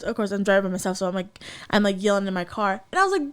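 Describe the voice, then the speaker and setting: A woman's voice: medium pitch, quick pace. A woman co-hosting a casual podcast chat, telling a story animatedly with lots of fillers and acted-out quotes. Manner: animated storytelling, acts out voices, many fillers. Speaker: podcast co-host.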